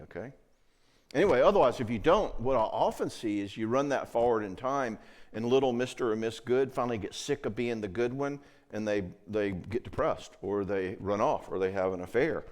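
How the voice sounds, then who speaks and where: A man's voice: lowish voice, expressive, moderate pace, darkish tone. A middle-aged man giving a conference talk on marriage in a conversational way. He keeps checking in with the audience as he speaks. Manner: conversational, acts out quoted voices, frequent check-ins.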